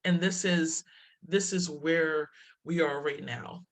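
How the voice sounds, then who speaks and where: A woman's voice: low voice, steady tone, takes it slowly. A woman speaking as a diversity presenter in a webinar talk, telling stories, laughing often and restarting her phrases.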